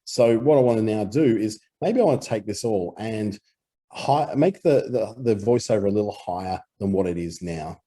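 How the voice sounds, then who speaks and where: Male tutor with an Australian accent, relaxed walkthrough, low and husky. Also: normal speed. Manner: relaxed explanatory talk with fillers. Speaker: audio editing instructor. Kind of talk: screen-recorded software tutorial.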